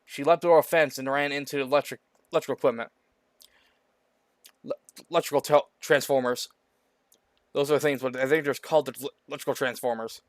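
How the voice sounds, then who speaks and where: A man's voice: medium pitch, steady tone, fast, long pauses, no echo. Stumbling man reading a story aloud. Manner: stumbling over words, frequent restarts. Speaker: story reader. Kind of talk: casual read-aloud of a homemade story.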